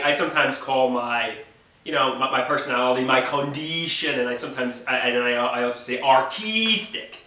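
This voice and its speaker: A man's voice: mid-range voice, sharp tone, distant mic. Rambling New York man, echoey room. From Long Island, New York. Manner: rambling, repeats words and restarts often. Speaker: video host. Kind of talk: casual chat.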